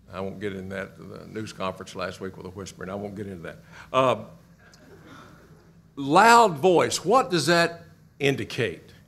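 A middle-aged man from Kentucky teaching a church Bible class, asking the class questions and repeating their answers with animated emphasis. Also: low voice, moderate pace, vocal fry, long pauses.

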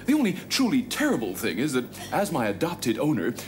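An actor playing a servile male android butler who speaks politely and formally, with a deadpan manner. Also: mid-range voice, a little fast. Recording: sitcom clip with studio audience laughter and music.

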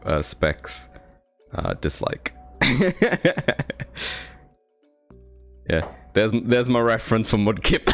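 A young British man chatting casually on his live stream, thanking viewers and swearing now and then. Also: medium pitch. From Britain. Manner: chatty, swears, reads chat aloud.

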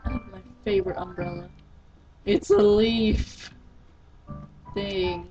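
A woman casually commenting on a video game she plays, sounding tired and rambling, with sudden excited squeals. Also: medium pitch, slow pace, long pauses. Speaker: let's-play gamer. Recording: dull lo-fi recording with faint game music.

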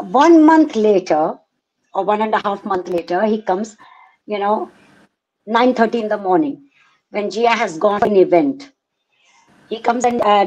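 A woman's voice: medium pitch, a little mellow, rough recording. A middle-aged woman giving personal testimony as an interviewee, indignant and acting out past conversations line by line. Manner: indignant, re-enacts conversations in dialogue. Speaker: interviewee, mother recounting events.

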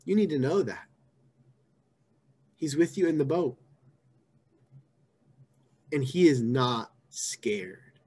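Pastor, male, relaxed sermon delivery with hushed and emphatic turns, somewhat high-pitched. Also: takes it slowly, pauses often, slightly rough. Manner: conversational, repeats phrases, shifts from hushed to emphatic.

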